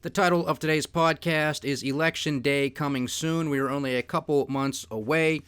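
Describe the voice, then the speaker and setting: A man's voice: on the high side, steady tone, moderate pace, fairly bright tone, clear, resonant tone. A man hosting a podcast, giving solo commentary on markets and politics in a sardonic, emphatic, ranting manner. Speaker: podcast host.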